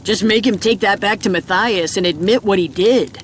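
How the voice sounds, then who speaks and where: A man's voice: high voice, moderate pace, fairly bright tone. Lady doing a chatty joker guy, grumbly and reckless, audiobook voice, fire crackle in back. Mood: jokey. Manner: jokey, grumbling, talkative. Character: wisecracking grown man, reckless and chatty.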